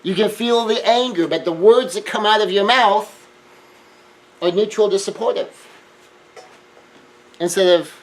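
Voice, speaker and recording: A man's voice: high-pitched, unhurried, long pauses, poor audio. Earnest man giving a self-help talk. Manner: earnest, emphatic, shifts between hushed and raised. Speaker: speaker.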